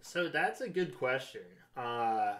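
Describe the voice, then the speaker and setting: A man's voice: medium pitch, expressive, slow, a bit bright. A man who is a bartender, a podcast guest, talking in a laid-back, hesitant way with frequent fillers. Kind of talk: casual podcast interview.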